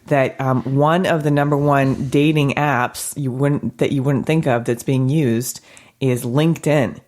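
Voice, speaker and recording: A woman's voice: very deep voice, fairly even intonation, a little slow, a little mellow. A woman hosting a podcast in a studio, a counselor who chats frankly and laughs often. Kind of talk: casual podcast chat.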